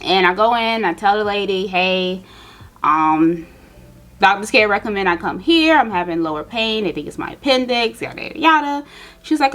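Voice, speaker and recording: A woman's voice: mid-range voice, normal speed. Chatty young woman vlogger telling a story. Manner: animated, chatty, addresses viewers directly. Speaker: beauty vlogger. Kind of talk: casual storytelling while doing makeup.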